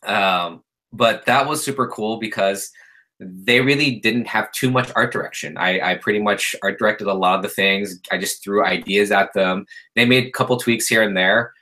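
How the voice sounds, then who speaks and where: A man in his thirties, a guest artist on a podcast, telling stories in a relaxed, chatty way with plenty of fillers. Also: fairly low pitch, moderate pace, low-quality recording. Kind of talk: casual podcast chat.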